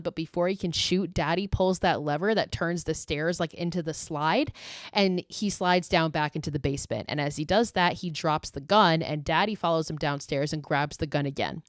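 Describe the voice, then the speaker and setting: A woman's voice: on the low side, no echo. A woman podcast host recapping a horror film in a chatty, profane way, full of "like" and swearing. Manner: profane, chatty, heavy use of "like".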